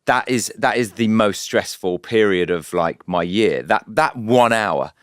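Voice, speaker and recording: A man being interviewed as a guest, talking in a relaxed, candid way with stammering restarts. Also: on the low side, measured pace, smooth, dry recording, clean studio sound. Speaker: guest, show producer. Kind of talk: casual interview chat.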